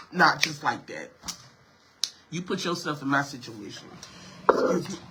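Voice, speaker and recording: A man's voice: fairly high pitch, big pitch swings, measured pace, heavy background noise. A sick man, venting to his viewers on a livestream from home and coughing. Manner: emotional, repetitive, addresses viewers as y'all. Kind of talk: casual livestream talk.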